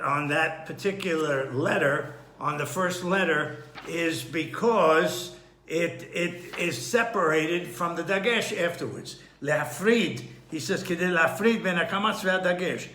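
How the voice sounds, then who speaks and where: A man giving an unhurried Torah study lesson, thinking aloud with frequent restarts and throat-clearing. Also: on the high side, bright, forceful tone, reverberant. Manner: clears his throat often. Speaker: Torah teacher.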